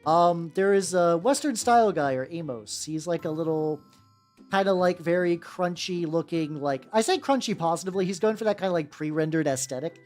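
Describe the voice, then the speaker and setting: A man's voice: a little high, a little fast. Male streamer in his 30s, rambling casual chat, cusses freely, music faintly behind. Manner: rambling, swearing, slipping into goofy voices. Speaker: VTuber streamer. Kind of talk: casual chat while painting miniatures.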